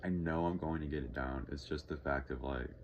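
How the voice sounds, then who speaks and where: A man's voice: very deep voice, fairly quick, darkish tone, muffled recording, a little hiss or hum. A young man from Texas talking casually in a vlog, rambling, swearing freely and sighing often. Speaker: vlogger.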